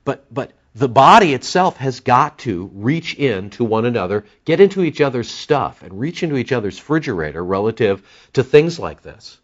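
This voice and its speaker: A pastor preaches in a church, his voice swinging up and down with lively emphasis. He builds to loud peaks on key words and then sinks low and soft. The recording is dull and lo-fi. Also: moderate pace. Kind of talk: sermon. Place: church sanctuary.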